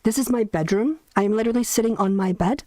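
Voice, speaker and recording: A woman's voice: fairly high pitch, fast talker, dark tone, dry recording. Host: chatty, rambling woman in a dry, soundproofed bedroom. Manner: chatty, rambling, laughs often. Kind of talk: casual livestream chat. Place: bedroom, sitting on bed. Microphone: soundproofed desk mic.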